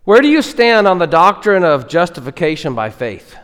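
A puzzled angel fires off insistent questions in a slightly raised voice, as a preacher puts him on. The room's long reverb trails each question. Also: male voice, on the high side, sing-song, moderate pace, a bit bright, clear, resonant tone, voice pushed up. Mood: quizzing. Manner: quizzing, insistent. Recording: echoey hall reverb.

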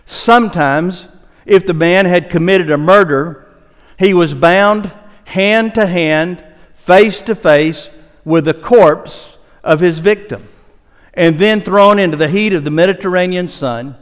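A male pastor with a somewhat high voice delivers a conversational sermon. He reads scripture aloud and drags out the key phrases for emphasis. His voice rings with the long reverb of a large church sanctuary. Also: a little slow, smooth.

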